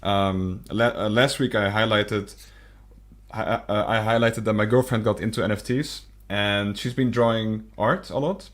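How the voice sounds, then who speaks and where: Speaking at a measured pace, a young man with a lowish, steady, fairly bright voice co-hosts a casual podcast. He sounds unsure of himself, often starting sentences over and filling gaps with "um" and "like."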